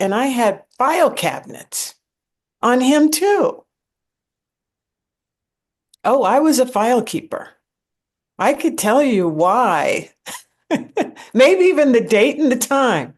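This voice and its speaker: Slow-speaking woman telling a personal story. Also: a little high, sing-song. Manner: slow, storytelling delivery with emphatic repetition. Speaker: speaker sharing a spiritual experience. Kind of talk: personal testimony talk.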